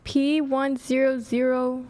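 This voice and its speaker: High-voiced, hesitant woman guest. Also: flat delivery, takes it slowly, a little mellow. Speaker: show guest. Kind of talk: casual livestream chat.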